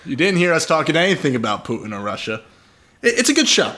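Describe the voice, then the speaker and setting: A man's voice: fairly high pitch, sing-song, quick pace, bright, forceful tone. A man co-hosting a casual film review podcast, giving blunt, joking opinions. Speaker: podcast co-host.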